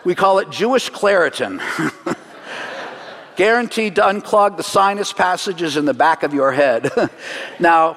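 A man teaching a congregation through a Seder, earnest and slowing down for solemn points, with light jokes along the way. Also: on the high side, a bit bright, in a large hall. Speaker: messianic teacher leading a Seder demonstration. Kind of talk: sermon-style teaching to a congregation.

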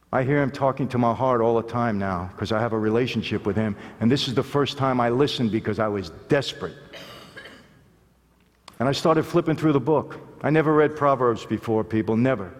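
A man giving an earnest, emphatic testimony speech to a live audience in a large hall, often calling out to them directly. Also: fairly high pitch. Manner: earnest, emphatic, addresses listeners as "people". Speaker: speaker telling his life story to an audience. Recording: long hall reverb.

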